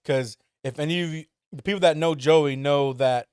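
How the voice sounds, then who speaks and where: A man hosts a podcast in an easy, slang-heavy way. His voice is smooth and clean and sits a little high, and the recording is dry. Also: normal speed, no room sound. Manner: relaxed, slangy, reacts with laughs and short comments. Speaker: podcast host. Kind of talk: casual chat.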